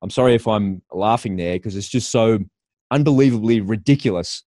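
A man's voice: fairly low pitch, fairly quick, dark tone, dry recording, studio quality. A middle-aged Australian man giving a scornful opinion monologue, breaking into laughter at his own points.

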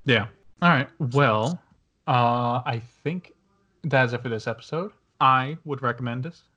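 This man hosts a casual movie review chat with a voice of middling pitch. He rambles along, restarting sentences and filling gaps with ums and likes. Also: unhurried, pushed and bright, highs cut off. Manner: rambling, many fillers and restarts. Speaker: podcast host.

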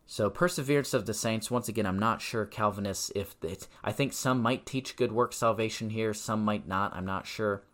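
A man hosting a podcast, teaching the Bible in a preaching style. He speaks emphatically, swings from loud insistence to quiet stress, and reads scripture in a slower, measured cadence. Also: fairly low pitch. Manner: conversational asides and tag questions.

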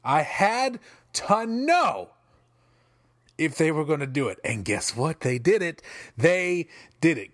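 A man rants in exasperated, animated commentary, his voice sitting high and swinging all over. He swears freely and trips over his own restarts. The sound is dry and close. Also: slow, dry recording. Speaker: wrestling podcast commentator. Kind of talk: ranting commentary.

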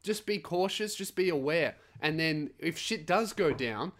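A man's voice: on the high side, lively intonation, a little slow, a bit bright. Blunt, swearing man ranting. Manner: swearing, blunt and heated, acts out other voices. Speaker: podcast host. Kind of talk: ranting storytelling monologue.

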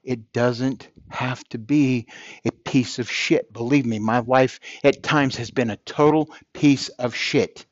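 A man's voice: medium pitch, fairly even intonation, slow pace, no room sound, lo-fi sound. A man hosting a podcast, delivering an earnest motivational monologue and repeating phrases for emphasis. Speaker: podcast host.

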